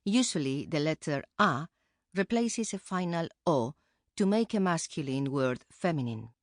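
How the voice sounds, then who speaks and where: A woman co-presenting a pronunciation course with calm, careful explanation, recorded close on a studio mic. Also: sits low, measured pace, no echo. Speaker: Spanish co-presenter. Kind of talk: scripted instructional narration.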